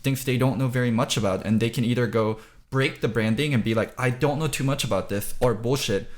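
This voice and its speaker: A man's voice: mid-range voice, brisk. A man hosting a casual esports podcast, talking reflectively and filling his talk with "like". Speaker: podcast host, content creator.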